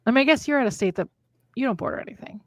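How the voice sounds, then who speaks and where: A woman's voice: a little high, very fast, no echo, studio quality. A woman from Minnesota, co-hosting a podcast and chatting casually, telling stories and acting out the quotes. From Minnesota, USA. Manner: animated storyteller, acts out quotes. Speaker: podcast co-host. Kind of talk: casual chat.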